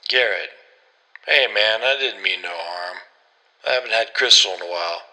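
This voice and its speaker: A man's voice: on the low side, moderate pace, sharp tone, long reverb tail, rough recording. A man voicing a scared young male thief who pleads in a shaky voice. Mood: pleading.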